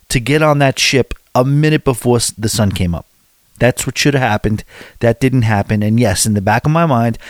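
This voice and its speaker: An expressive, medium-pitched man in his forties talks a little fast in a clean studio recording with no echo. His casual chat is full of rambling, self-mocking stories and repeated restarts.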